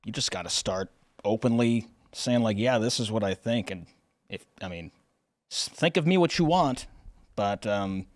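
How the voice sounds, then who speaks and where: A man's voice: on the low side, lively intonation, normal speed, no room sound. A man co-hosting a political talk show, talking casually and a little hesitantly with many fillers. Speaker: co-host.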